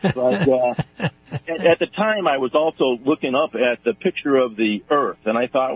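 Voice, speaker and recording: A man's voice: medium pitch, moderate pace, a little hiss or hum. A man calling in to a radio interview as a guest, telling a story with many hesitations. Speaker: guest entrepreneur. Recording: tinny phone line on radio.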